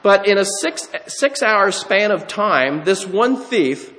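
A man with a high voice delivers an earnest sermon in a hall with a long, lingering reverb. He reads scripture aloud, acts out the quotes, and climbs even higher when he is moved. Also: takes it slowly. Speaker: preacher.

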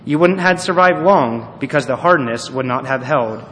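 Brief: man playing a patient old-style potter master, soft and measured, echoey hall. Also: medium pitch, natural voice. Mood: gentle. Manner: quiet, gentle, measured speech. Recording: echoey hall, faint noise.

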